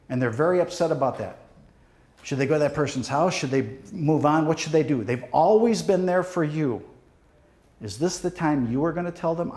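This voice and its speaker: Echoey man telling a dramatic story. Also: fairly high pitch. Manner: dramatic storytelling, speaks straight to the audience; pleading, drops to near hush at the end. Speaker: police deputy chief giving a safety talk. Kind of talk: motivational presentation to students. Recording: echoey hall.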